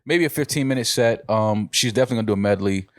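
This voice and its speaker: A man's voice: lowish voice, rapid-fire, no echo, studio quality. A man co-hosting a casual podcast chat, teasing and laughing often. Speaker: podcast co-host.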